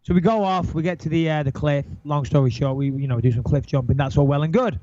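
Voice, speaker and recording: A middle-aged man telling an animated, swearing anecdote in casual chat, acting out his own panic. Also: a little high, fast talker, dry recording. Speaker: guest storyteller. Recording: dull lo-fi sound, dry.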